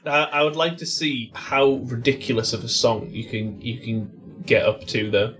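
A man in casual comedic podcast chat, playful and quick to laugh. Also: medium pitch, fairly even intonation, fairly bright tone. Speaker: podcast co-host, quiz contestant.

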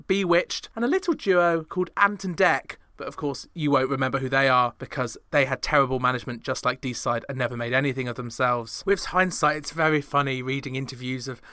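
A man's voice: mid-range voice, pushed and bright, dry recording, studio quality. A man hosting a pop music podcast, giving chatty scripted commentary with wry, sarcastic asides. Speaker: podcast host.

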